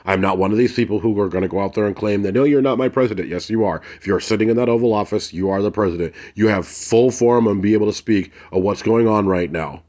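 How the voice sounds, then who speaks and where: Angry, profane man ranting, low voice. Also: fast talker, hardly any pauses, a little mellow, muffled recording. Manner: angry, blunt and profane, repeats phrases for emphasis. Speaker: vlogger. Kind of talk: heated ranting commentary to camera.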